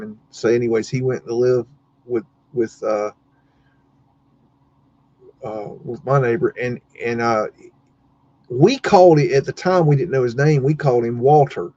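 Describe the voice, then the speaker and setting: A man's voice: medium pitch, steady tone, normal speed, pauses often, mellow, lo-fi sound. A man hosting a livestream, telling a story casually and rambling with many fillers and restarts. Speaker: livestream host.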